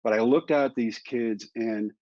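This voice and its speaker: A man in his fifties, a guest in an interview, telling his story in a lively way and acting out the dialogue. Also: medium pitch, moderate pace, no echo. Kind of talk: candid storytelling in conversation. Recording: dry, slightly dull sound.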